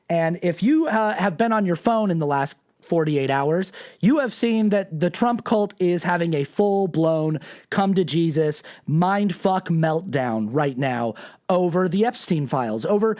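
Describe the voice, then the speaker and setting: A man hosting a podcast and ranting about politics, with a lively pitch that jumps around. He sounds sarcastic and exasperated and swears without holding back. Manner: animated, sarcastic, swears freely. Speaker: podcast host.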